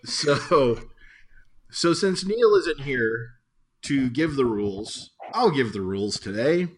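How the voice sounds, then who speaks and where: A man co-hosting a relaxed trivia podcast among friends. He jokes around, laughs easily, and talks at an ordinary middle pitch. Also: slow, slight background noise. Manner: jokey, laughs often. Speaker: podcast co-host. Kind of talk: casual chat.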